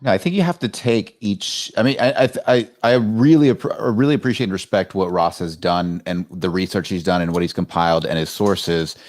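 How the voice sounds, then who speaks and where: A man co-hosting a livestream show who talks in a reflective, even-handed way, weighing his points. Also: low voice, fairly quick, hardly any pauses. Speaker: co-host. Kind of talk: casual livestream chat.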